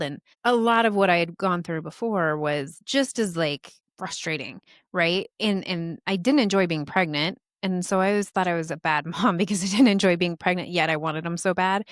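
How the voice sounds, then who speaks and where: A woman's voice: lowish voice, dry recording, clean studio sound. A woman in her thirties hosting a podcast, talking earnestly and with feeling about motherhood and illness. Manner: earnest and emotional, quick bursts. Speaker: podcast host. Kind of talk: conversational podcast talk.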